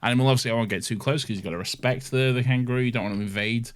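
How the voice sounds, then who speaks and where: A man co-hosting a casual podcast, joking with his partner and laughing easily. His voice sits at an ordinary mid pitch. The talk is loose and unscripted. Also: fairly even intonation, rapid-fire, clear, resonant tone. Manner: laughs often, jokey banter. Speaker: podcast co-host. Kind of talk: casual chat.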